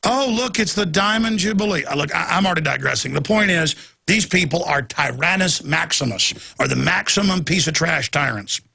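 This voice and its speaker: A man with a gravelly, husky voice holds forth as a talk host. His delivery is impassioned and ranting. He breaks into shouted bursts now and then. His voice sits fairly high for a man. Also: expressive, normal speed. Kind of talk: ranting political monologue.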